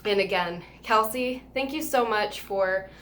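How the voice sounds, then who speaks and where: A woman vlogger telling a casual story, gushing and emotional, overwhelmed with happiness and rambling with a steady stream of fillers. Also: mid-range voice, measured pace, a little hiss or hum.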